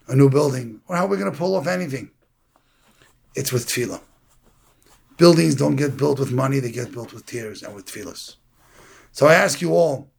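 Man, sermon, storytelling, slightly high voice, gravelly, husky. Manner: animated storytelling, acts out the characters. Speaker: preacher.

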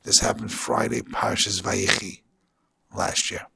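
Raspy rabbi guy, gravelly low voice, earnest sermon story. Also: little pitch movement, a little slow, bright, forceful tone, slight background noise. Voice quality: gravelly, husky. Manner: earnest storytelling with Yiddish and Hebrew terms.

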